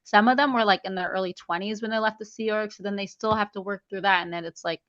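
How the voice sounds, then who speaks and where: Woman guest, bright and crisp voice, chatty storyteller acting out quotes, dry dull lo-fi audio. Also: medium pitch, fairly even intonation, fast, no room sound. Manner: chatty, acts out quoted dialogue, many "like"s. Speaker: guest, memoir author. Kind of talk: casual interview storytelling.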